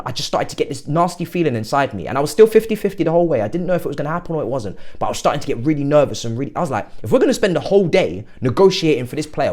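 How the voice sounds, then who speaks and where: A young man, hosting a football fan channel, giddy and excitable, with sudden loud outbursts. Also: a little high. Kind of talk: excited fan reaction monologue.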